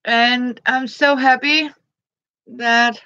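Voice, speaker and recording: A woman, chatting gently on a live stream and greeting her viewers by name. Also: on the high side, fairly even intonation, drawn-out words, no room sound, highs cut off. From Denmark. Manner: greets viewers by name between thoughts, gentle, frequent soft laughs. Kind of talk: casual live-stream chat.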